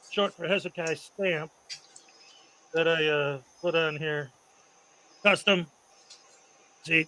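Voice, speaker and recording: A man's voice: sits high, pushed and bright, low-quality recording. A man hosting a casual livestream, chatting loosely and laughing often as he shows off prizes. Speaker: host.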